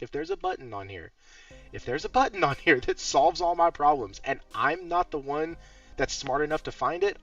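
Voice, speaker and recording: A man's voice: medium pitch, fairly bright tone, muffled recording. Laughing male podcast host, distant mic. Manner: laughs often, swears casually while telling stories. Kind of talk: casual chat.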